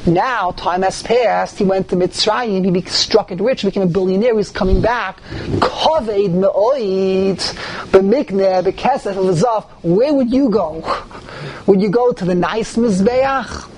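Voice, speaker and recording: A man teaching a Torah class to a group, animated, with rising emphasis and many Hebrew terms. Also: sits high, takes it slowly, a little hiss or hum. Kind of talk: lively Torah class with questions.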